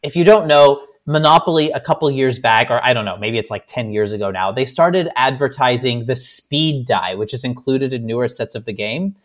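A man's voice: mid-range voice, normal speed, few pauses. A young man telling a story as a podcast guest, rambling, with many fillers and restarts. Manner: animated, self-mocking. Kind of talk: casual storytelling.

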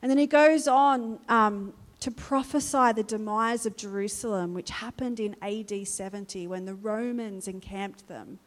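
A woman's voice: mid-range voice, steady tone, moderate pace, hardly any pauses. A woman giving a chatty, earnest reflection on scripture with many fillers. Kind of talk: informal devotional talk. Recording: long hall reverb.

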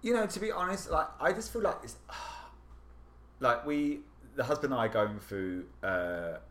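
A young man co-hosting a podcast, telling gossipy stories in casual chat, animated and swearing freely. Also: medium pitch, a little slow. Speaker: podcast co-host. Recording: echoey room with faint hiss.

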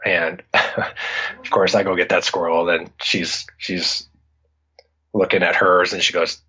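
A middle-aged Iowan guest on a podcast spins a story casually and with animation, voicing the lines he said back then. He talks slowly in a low, slightly rough voice, and the recording is dull and lo-fi.

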